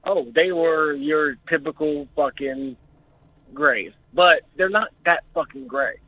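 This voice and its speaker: A man's voice: on the high side, slow pace. A young man calling in to a talk show, telling his story in an emotional, jittery way and swearing often. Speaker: caller. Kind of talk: recounting an experience on a call-in show. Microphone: phone. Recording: tinny phone line.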